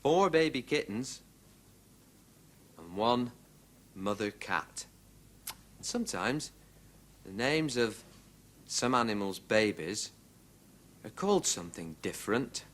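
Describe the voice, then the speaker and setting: A man presenting a children's show, gently naming mother animals and their babies for young children. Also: lowish voice, big pitch swings. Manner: slow, gentle, clear explaining.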